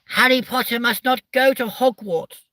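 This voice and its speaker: Squeaky house-elf voice: small, timid, pleading, pitched way up, dry close sound. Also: male voice, steady tone, normal speed, bright, forceful tone, no room sound, far from the mic.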